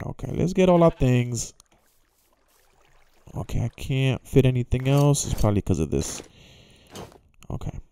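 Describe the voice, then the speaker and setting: Lively jokey young man playing a game. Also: medium pitch, gravelly, slight background noise. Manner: jokey, talks to himself and game characters. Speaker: gaming YouTuber. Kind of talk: casual gameplay commentary.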